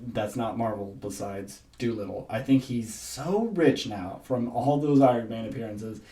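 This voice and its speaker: A man co-hosting a podcast in casual chat, animated and laughing often as he mimics voices. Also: on the low side, moderate pace, distant mic. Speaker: podcast co-host. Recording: roomy, off-mic sound.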